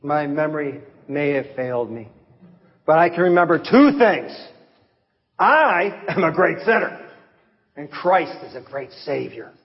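An actor playing an aged, fervent preacher who was once a slave trader, declaiming from hushed tones to shouts, in a dull recording of an echoing hall. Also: male voice, fairly high pitch, expressive, measured pace. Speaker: actor playing John Newton. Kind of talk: dramatic stage reading. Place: large hall or church stage.

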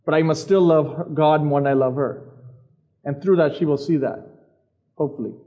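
High-voiced man giving a casual sermon. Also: fairly even intonation, normal speed. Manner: conversational, asks the crowd questions, repeats phrases. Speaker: youth pastor. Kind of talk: informal sermon to teenagers. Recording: dull lo-fi recording of a live service.

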